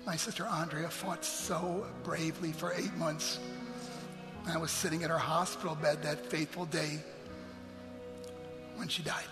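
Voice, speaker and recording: A man telling an emotional personal story to an audience in a large hall, earnest and sometimes dropping to hushed near-whispers. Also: a little high, steady tone, a little slow, pauses often. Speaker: motivational speaker. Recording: long hall reverb, faint music.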